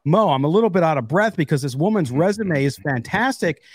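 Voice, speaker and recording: A man's voice: on the high side, lively intonation, fairly quick, husky, no room sound. A man co-hosting a sports podcast, talking with enthusiasm and reading quotes aloud. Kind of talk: casual sports talk.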